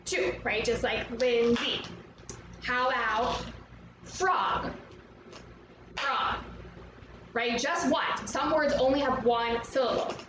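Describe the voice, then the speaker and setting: A young woman teaching an online arts lesson to young children, speaking in an upbeat, slow and clear way and inviting the viewer to join in. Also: a little high. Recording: roomy, echoey, from a distance with background noise.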